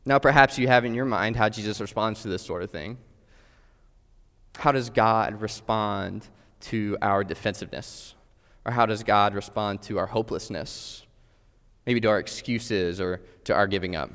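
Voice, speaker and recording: A man's voice: on the low side, moderate pace, a bit bright, clear, resonant tone. A man preaching a sermon, earnest and direct, putting questions straight to his listeners. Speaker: pastor. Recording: long hall reverb.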